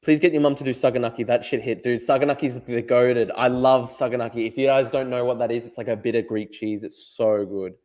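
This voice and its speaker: A man's voice: medium pitch, steady tone, a little fast, few pauses, darkish tone. A young Australian man hosting a casual live stream, chatting and answering his chat, often repeating himself. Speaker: streamer host.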